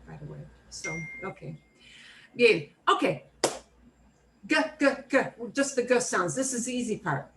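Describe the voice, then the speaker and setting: Lady teaching beginner spanish, slow careful word drills, bit of background hiss. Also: mid-range voice, a bit bright, rough recording. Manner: slow, clearly modeled pronunciation with repetition drills. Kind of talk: beginner language class.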